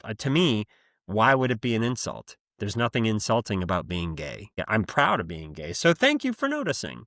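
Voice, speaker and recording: Hosting his own podcast, a man talks in a casual, rambling monologue that is blunt and freely profane. His voice sits at medium pitch with big swings, a fairly bright tone, and a normal pace, recorded at studio quality with no room sound.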